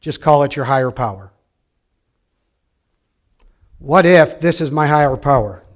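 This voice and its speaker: A pastor preaching a sermon, shifting between quiet, reflective passages and loud, animated storytelling. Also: male voice, fairly high pitch, measured pace.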